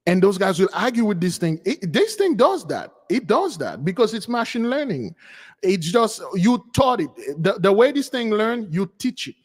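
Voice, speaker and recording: A man's voice: sits high, sing-song, moderate pace, long reverb tail. A man hosting a spiritual channel, chatting casually with listeners he calls beloved, often repeating and restarting his words. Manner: repetitive, stammering, addresses listeners as beloved. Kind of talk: casual live commentary.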